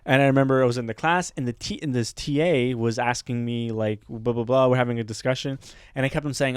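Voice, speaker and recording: A young adult man, a comedian co-hosting a podcast, telling stories in an animated casual way and swearing freely. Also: mid-range voice, quick pace, smooth, no room sound, clean studio sound. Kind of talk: casual chat.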